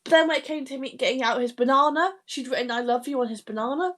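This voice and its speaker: A woman co-hosting a casual podcast, her voice pitched a bit higher than most. She rambles through anecdotes full of false starts and laughter, and she swears freely. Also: fast, a bit bright. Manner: rambling, laughing anecdote-telling with many restarts. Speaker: podcast co-host. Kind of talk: casual chat.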